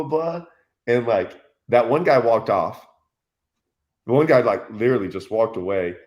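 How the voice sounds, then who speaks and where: A man chats casually as a fishing host, spinning a story with laughs. He acts out what others said in quick voiced quotes. His pitch sits in a middle range for a man. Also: animated, darkish tone.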